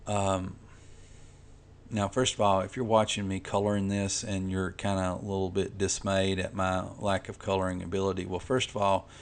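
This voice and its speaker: A man's voice: deep voice, level tone, moderate pace, a little hiss or hum. A man who makes comics, talking casually and rambling while he colors, with lots of "you know" and restarts. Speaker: comic artist vlogger.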